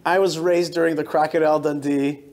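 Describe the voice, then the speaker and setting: A man in his forties, a rabbi giving a lively storytelling talk to a synagogue congregation, often restarting and repeating words. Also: on the high side, a little fast. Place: synagogue hall.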